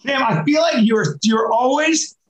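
A man's voice: very high voice, measured pace, rough recording. A comedian co-hosting a comedy podcast, rambling and argumentative, often restarting his sentences. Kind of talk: crude comedic banter.

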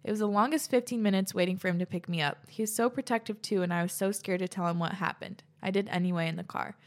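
A woman's voice: medium pitch, fairly even intonation, fast talker. A young woman host reading listeners' stories aloud and reacting between them, chatty and laughing often, swearing casually.

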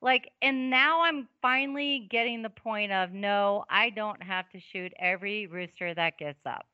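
A middle-aged woman tells hunting stories in an animated, conversational way. Her voice is bright and forceful, and she often restarts her sentences. The recording is dry and a little dull. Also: mid-range voice, measured pace, no echo. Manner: animated, laughing storyteller with many restarts. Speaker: podcast guest, hunting instructor. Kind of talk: casual storytelling interview.

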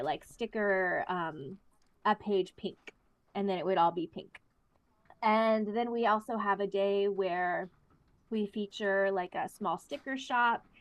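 A young woman, a therapist guesting on an interview show, chatting casually with lots of laughter and animated storytelling. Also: medium pitch. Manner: giggly, lively, animated storytelling.

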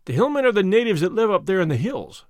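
A man's voice: high-pitched, very animated, quick pace, no echo, pitched above the performer's own voice. A man voicing a young, doubtful secretary in an audiobook, speaking with a wondering tone. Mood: explaining.

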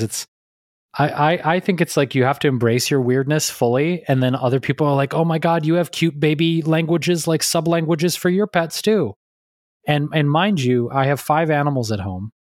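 A man's voice: fairly high pitch, dry recording, studio quality. A man co-hosting a podcast, chatting casually and playfully with a co-host on a remote call. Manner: playful, breaks into silly pet voices.

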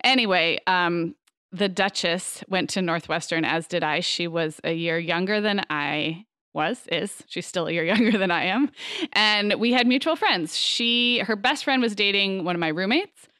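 A woman's voice: on the low side, moderate pace, sharp tone, clear, resonant tone, dry recording, clean studio sound. A woman in her thirties co-hosting a podcast, telling stories in a chatty way with frequent laughs and restarts. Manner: chatty, laughing, self-correcting storyteller. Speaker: podcast co-host. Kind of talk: casual chat.

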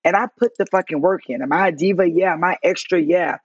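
A woman's voice: on the low side, fast, slightly rough, no echo, muffled recording. A woman chatting as a podcast guest, telling stories with lots of swearing and laughter. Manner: profane, laughing, animated storyteller. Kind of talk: casual interview chat.

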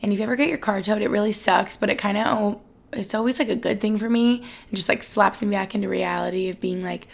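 A woman in her twenties hosting a casual solo podcast, chatting fast with lots of fillers and sounding a little out of breath. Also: mid-range voice, steady tone, creaky. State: slightly out of breath. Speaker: podcast host.

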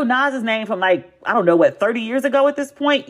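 Blunt, animated woman in her forties. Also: on the high side, a little fast. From United States. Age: 40s. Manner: animated, blunt and profane, with emphatic repetition. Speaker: podcast host. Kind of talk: casual chat.

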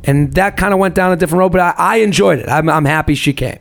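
A man co-hosts a casual podcast, talking bluntly and throwing in the odd swear word. His voice sits a little high and carries a gravelly fry. He restarts his sentences often as he talks things through. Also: quick pace, a bit bright. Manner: blunt and profane, with frequent restarts. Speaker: podcast co-host.

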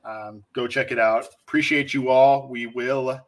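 A man's voice: mid-range voice, steady tone, a little slow. A man hosting a casual sports podcast, talking in a chatty, conversational way with plenty of fillers. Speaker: podcast host.

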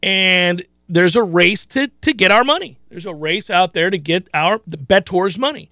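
A man hosting a sports betting radio talk show, emphatic and quick with asides. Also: sits high, sharp tone, no room sound, studio quality.

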